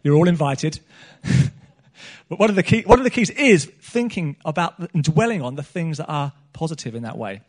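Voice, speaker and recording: A middle-aged man preaches a sermon at a church meeting, his voice a little high and his intonation lively at a moderate pace. He speaks earnestly, often repeating himself and restarting his phrases.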